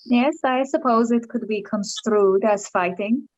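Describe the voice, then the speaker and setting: A woman plays a weary female hunter who reports back slowly and hesitantly. The sound is dull and lo-fi over a video call. The room is completely dry. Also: a little high, dry recording. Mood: reluctant. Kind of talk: voice acting read in a recording session.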